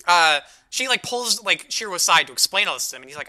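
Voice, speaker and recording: A man co-hosting a casual podcast chat. His voice is high and piercingly bright, and he tumbles through a story recap full of "like" and quoted dialogue. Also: very animated. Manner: rapid, filler-heavy retelling with quoted voices. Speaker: podcast co-host.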